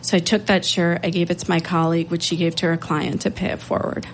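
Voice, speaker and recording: A woman telling a personal story on stage, earnest and unhurried, with emotion in her voice. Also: lowish voice, flat delivery, noisy background. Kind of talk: live storytelling.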